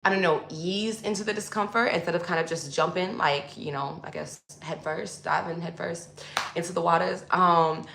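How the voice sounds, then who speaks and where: A woman's voice: lowish voice, moderate pace, gravelly, fairly bright tone, slight background noise. A woman speaking as a spiritual coach in a loose, casual monologue to viewers. She uses lots of fillers and calls her listeners y'all. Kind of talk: casual teaching monologue to camera. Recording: echoey room.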